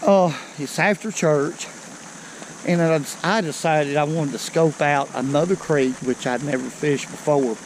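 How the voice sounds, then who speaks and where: A man's voice: fairly high pitch, measured pace, a little hiss or hum, poor audio. An older man, chatting folksily to his viewers while fishing on a creek bank outdoors, a bit out of breath. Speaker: fishing vlogger. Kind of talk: casual outdoor vlog. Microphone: body-worn camera.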